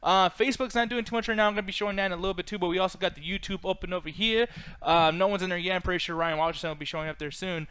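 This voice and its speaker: A man with a high voice hosts a casual livestream chat at a quick clip. He rambles, swears freely and laughs along, recorded dry and close. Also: fairly even intonation, sharp tone, clean tone, no room sound. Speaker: podcast host.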